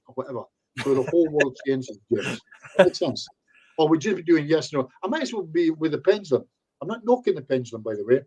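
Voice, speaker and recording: A hypnotherapist guest chats casually in an online interview, speaking fast and animatedly in a slightly high, slightly rough voice with a darkish tone. Chatty throughout, he acts out bits of client talk, slipping into quoted voices in asides.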